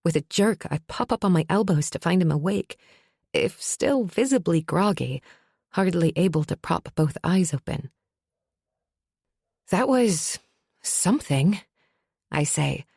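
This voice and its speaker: A woman's voice: fairly low pitch, lively intonation, moderate pace, gravelly, darkish tone, slightly rough, no room sound, clean studio sound. A woman narrating a fantasy audiobook in first person, with a wry, sardonic edge.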